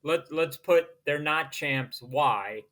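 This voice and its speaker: A man hosting a podcast, quizzing his co-host in a quick, teasing casual chat about baseball. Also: on the high side, fairly bright tone.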